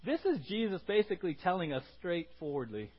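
A pastor with a high, husky voice preaches a sermon, very animated and a little fast, emphatically repeating his words and climbing to loud cries. The recording sounds dull and lo-fi.

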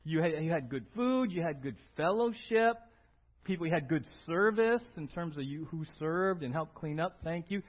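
Lively, husky-voiced male preacher. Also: moderate pace. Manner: animated, acts out little scenes with big swings in pitch and loudness. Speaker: pastor. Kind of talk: sermon. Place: church sanctuary. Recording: dull lo-fi church audio.

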